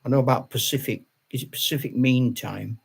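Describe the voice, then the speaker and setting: Older man, gravelly husky voice, casual rambling live chat, frequent chuckles. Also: medium pitch, fairly even intonation, brisk. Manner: chatty, laughs often, rambling with restarts. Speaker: channel host.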